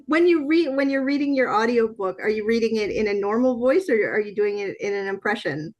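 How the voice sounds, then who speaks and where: A woman's voice: on the high side, fairly quick, darkish tone. A woman from Canada hosting a casual interview, upbeat and gushing. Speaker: interview host.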